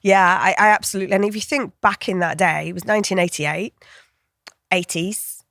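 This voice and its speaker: A woman's voice: mid-range voice, a little fast, fairly bright tone, no room sound, studio quality. A woman in her fifties with a northern English accent, chatting as an interview guest, often laughing and restarting her sentences. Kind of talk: casual interview conversation.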